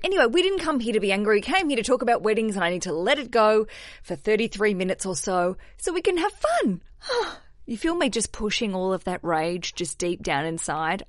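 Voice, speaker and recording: A woman with an Australian accent hosting a podcast, chatty and self-mocking, jumping between energetic bursts and low asides. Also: dry recording, studio quality. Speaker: podcast host. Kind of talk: casual solo podcast chat.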